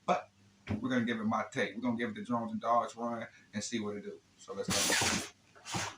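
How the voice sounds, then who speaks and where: A man's voice: on the low side, level tone, fast. Laid-back chatty man in an echoey room. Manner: laid-back, chatty, slangy, repeats "man" and "you know what I'm saying". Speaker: RC hobby channel host. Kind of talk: casual unboxing vlog. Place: indoor room he calls his lab. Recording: echoey room with faint noise.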